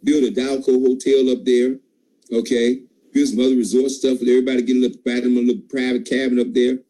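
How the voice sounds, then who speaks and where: A man's voice: level tone, fast, warm tone, poor audio. Emphatic man giving a pep talk. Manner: emphatic, preachy, jumps in pitch. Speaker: team leader at a sales call.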